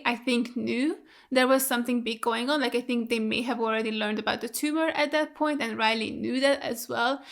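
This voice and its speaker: A young woman hosting a reaction video, talking casually, emotional and frank, swearing freely. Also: a little high. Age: young adult.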